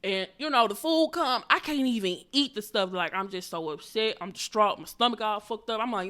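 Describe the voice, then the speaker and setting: Young female podcaster, bright and sharp-toned, blunt and profane, casual storytelling. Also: medium pitch, normal speed, few pauses. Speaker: podcast host.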